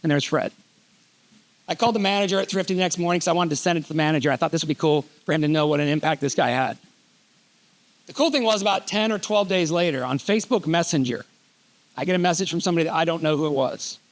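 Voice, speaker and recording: A middle-aged man giving an animated storytelling keynote on a conference stage, joking as he goes. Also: fairly high pitch, quick pace. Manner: animated, reads letters aloud, jokey asides. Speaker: keynote speaker.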